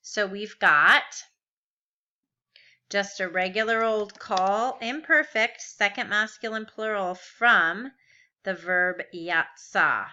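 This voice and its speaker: A woman's voice: mid-range voice, bright, forceful tone, dull audio. A woman teaching a recorded grammar lesson, patiently walking through verb forms step by step and asking rhetorical questions. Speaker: Biblical Hebrew teacher.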